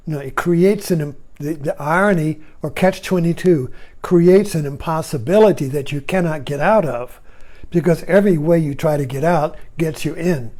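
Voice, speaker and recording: Mellow-voiced man musing and chuckling. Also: on the high side. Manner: chuckling, digressive, self-interrupting. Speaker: speaker on Zen and irony. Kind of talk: rambling casual monologue.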